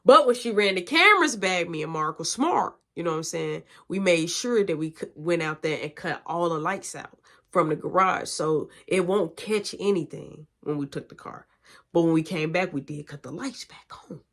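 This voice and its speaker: Slangy, animated woman telling a story. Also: on the low side, moderate pace. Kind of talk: casual storytime vlog.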